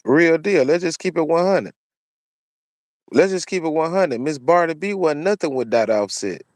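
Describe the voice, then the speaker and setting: Animated and on the high side, this man's voice comes through at normal speed in a studio-quality recording without echo. As a commentary channel host, he gives preachy, opinionated solo commentary, repeating his points over and over.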